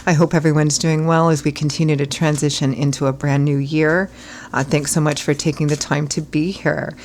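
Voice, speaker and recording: A hoarse woman from Ireland giving a chatty tarot reading, rambling with fillers and clearing her throat often. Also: low-pitched, flat delivery, brisk, a little mellow, slight background noise. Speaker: tarot reader. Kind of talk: casual tarot reading talk.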